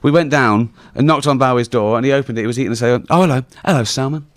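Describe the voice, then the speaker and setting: A man's voice: mid-range voice, racing, no room sound. A man in his forties with an English accent, a comedian telling rambling stories in an interview, laughing at his own punchlines. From England. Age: 40s. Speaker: comedian guest. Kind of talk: casual anecdotal interview talk.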